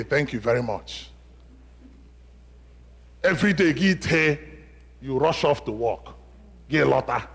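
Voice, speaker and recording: Pastor preaching, gravelly husky voice, big reverb from the hall. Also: male voice, fairly high pitch. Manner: emphatic, call-and-response questions, swings from loud to hushed. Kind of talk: sermon. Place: church sanctuary. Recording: long reverb of a church hall.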